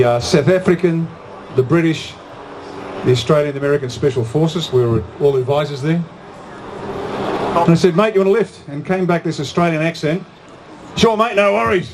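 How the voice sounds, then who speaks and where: A man speaking live at an outdoor event as a motivational speaker. His voice sits a little high, and he hammers points home by repeating phrases. A faint hum of noise runs underneath. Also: a little mellow. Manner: emphatic, repeats key phrases for impact. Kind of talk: live public talk and Q&A. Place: outdoor event on a hot day.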